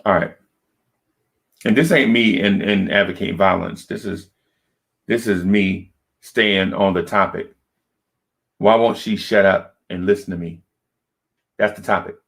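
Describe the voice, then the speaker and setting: A man with a low, gravelly voice telling a personal story on a podcast. He talks casually and keeps checking in with his listeners as he goes. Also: fairly even intonation, unhurried, long pauses, fairly bright tone. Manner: conversational, checks in with "right?". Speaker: podcast co-host.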